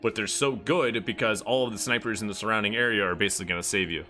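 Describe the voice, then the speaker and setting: A man with a lowish but bright, slightly tense voice talks through a match replay on stream. His delivery is loose, rambling and full of casual swearing. Soft music plays behind him. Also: quick pace. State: getting out of breath. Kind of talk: live stream commentary.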